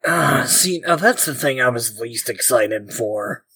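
A man's voice: mid-range voice, animated, a little slow, sharp tone, breathy edge, rough recording. A man playing in a tabletop game who talks brashly and swears a lot in character. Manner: brash and profane, playing a threatening brawler. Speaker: tabletop player.

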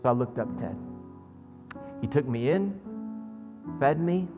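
A man voicing a calm, deadpan middle-aged football coach, speaking in a quiet, measured way. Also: medium pitch, phone-quality sound, natural voice. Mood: solemn. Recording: long church reverb, faint music.

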